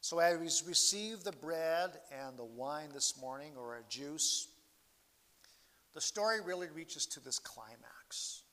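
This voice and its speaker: A man preaching a sermon as pastor, slow and earnest, his voice swelling and falling in loudness as he stresses each point. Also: on the high side, lively intonation. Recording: long hall reverb.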